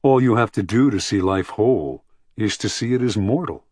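Man as a gentle thoughtful philosopher. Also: lowish voice, lively intonation, normal speed, slightly rough, no echo, studio quality. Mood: earnest.

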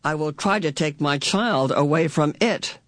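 A woman's voice: sits low, dry recording. A woman voicing a mild, apologetic middle-aged father who mumbles and halts. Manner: mumbling and halting.

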